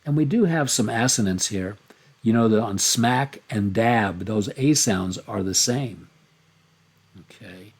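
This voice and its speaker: A man teaching a recorded lesson on a poem, reading and explaining it slowly and stressing single words one by one. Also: lowish voice, slightly rough. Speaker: poetry teacher.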